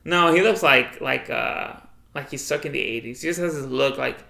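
California dude telling a story, slangy and animated, gravelly voice, echoey room. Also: male voice, medium pitch, moderate pace. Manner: slangy, animated retelling with acted quotes. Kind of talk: casual chat.

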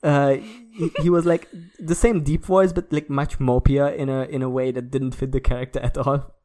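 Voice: mid-range voice, steady tone, normal speed, warm tone. A podcast co-host in a teasing casual chat, recording from a separate studio. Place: own home recording studio.

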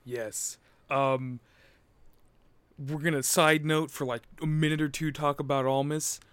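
A man co-hosting a casual wrestling recap chat, excitable and joking, laughing often and swearing. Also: a little high, measured pace, clean tone, no room sound. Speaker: wrestling podcast co-host.

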